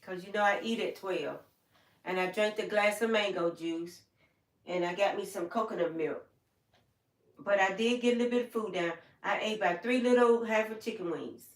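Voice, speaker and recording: Far from the microphone in a roomy space, an older woman with a mid-range voice and moderate pace streams casually from home. Her talk is rambling storytelling in which she acts out quoted people.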